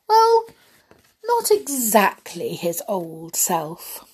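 A woman reading a children's book aloud in an expressive, gently playful way. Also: lowish voice, takes it slowly, breathy edge. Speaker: storyteller.

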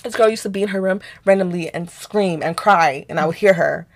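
A young woman from Nigeria, co-hosting a podcast, telling a story in casual chat, animated and profane as she acts out both sides of a quarrel. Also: lowish voice, fairly quick. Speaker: podcast co-host.

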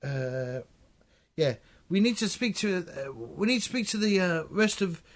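A man voicing a gruff male gang thug who reports to his boss, with a southern-tinged drawl and stumbling speech. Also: high-pitched, sing-song, measured pace, exaggerated voice. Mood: worried. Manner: hesitant, stumbling mid-sentence.

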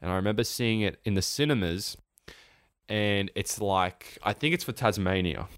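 Low-voiced aussie bloke rambling on a podcast, smooth and dry sound. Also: male voice, expressive, moderate pace, no echo. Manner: rambling, laid-back, swears freely. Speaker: podcast co-host. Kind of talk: casual chat.

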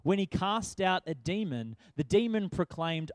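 A man's voice: sits high, lively intonation, measured pace, no echo. A man preaching a sermon in a conversational way, asking rhetorical questions.

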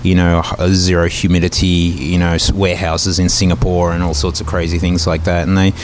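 Deep-voiced rambling middle-aged man. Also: level tone, brisk, slight background noise. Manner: rambling, many fillers and restarts, laughs easily. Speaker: podcast guest. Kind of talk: casual conversational storytelling.

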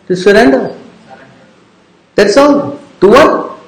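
High-voiced man quizzing his class. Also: expressive, takes it slowly, pauses often, roomy sound, rough recording. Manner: keeps quizzing the audience with "yes? understand?"; informal, teasing, repetitive. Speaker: religious teacher. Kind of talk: devotional class lecture.

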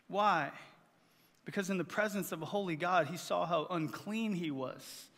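A man's voice: sits high, normal speed, fairly bright tone, in a large hall. A male pastor preaching a sermon to his church, emphatic and repeating phrases for effect.

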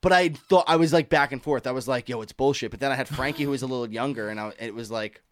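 A man in casual chat, an animated storyteller who swears freely and acts out the people in his stories. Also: medium pitch, quick pace, dry recording, clean studio sound.

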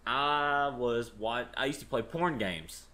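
A man's voice: medium pitch, slow pace, bright, forceful tone. A young man, a podcast co-host, telling a rambling story in casual chat and swearing freely.

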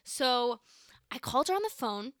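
A nineteen-year-old woman hosting her own podcast, telling a personal story in a chatty, animated way, full of "like" and acted-out quotes. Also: high-pitched, moderate pace, no room sound, clean studio sound. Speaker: podcast host. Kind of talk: casual storytelling.

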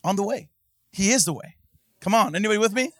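A man preaching a sermon in church, swinging from hushed talk to impassioned shouting and calling out to the congregation. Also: high voice, animated, fast, dry recording, studio quality. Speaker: pastor.

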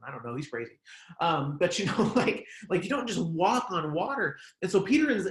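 A man's voice: on the high side, reverberant. A man preaching a casual online sermon, talking conversationally with lots of "like" and "um". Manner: conversational, many fillers like "like" and "um". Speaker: pastor.

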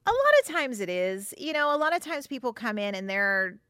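A woman therapist hosts a casual advice podcast, speaking frankly and conversationally. Her voice is bright and forward, and the recording is dry and close. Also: on the high side, very animated, a little fast, no room sound. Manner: frank, conversational, acts out example quotes.

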